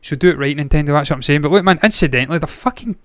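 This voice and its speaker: A man's voice: a little high, racing, a bit bright, dry recording. A man hosting a movie news show, talking casually with blunt, profane opinions and frequent tangents. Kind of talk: casual solo commentary.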